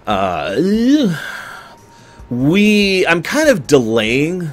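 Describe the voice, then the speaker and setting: A man's voice: on the high side, wildly swooping pitch, extremely slow, soft background music. A man streaming and chatting casually with his viewers, rambling and correcting himself as he goes. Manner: rambling, conversational, self-correcting; talks to chat viewers.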